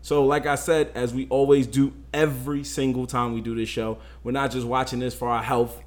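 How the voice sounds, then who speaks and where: A man co-hosting a casual podcast about films, his talk loose and full of slang. His pitch sits in an ordinary middle register, and he speaks at an unhurried pace. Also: level tone. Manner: laid-back, slangy. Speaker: podcast co-host. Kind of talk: casual chat.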